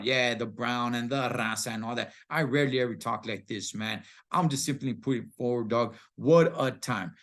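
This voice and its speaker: A man's voice: medium pitch, fairly bright tone. A man giving a casual, slangy movie review that turns into an emphatic pep talk.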